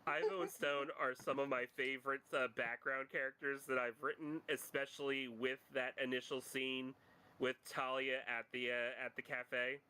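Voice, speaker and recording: A man's voice: medium pitch, flat delivery, pushed and bright, clean tone, poor audio. A man who writes fan fiction, chatting casually and rambling with many restarts and laughs. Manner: rambling, halting, laughs often. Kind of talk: casual chat.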